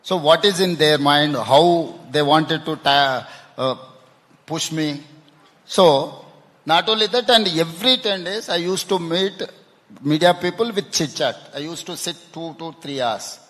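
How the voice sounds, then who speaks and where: A man answers questions at a public event, stumbling and repeating words as he goes. His voice sits a little high. The long echo of a big hall hangs behind him. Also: a bit bright. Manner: halting, repeats words, ends with "no?". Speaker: chief minister interviewed on stage. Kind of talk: panel interview answers. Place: conference hall stage.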